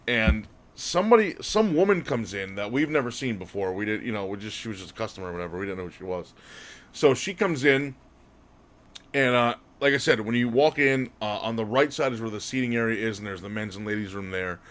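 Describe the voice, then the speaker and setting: Telling a loose, wandering story, a male podcast co-host keeps laughing and fixing his own words as he goes. His pitch sits fairly low, his delivery is fairly quick, and his tone is a bit bright.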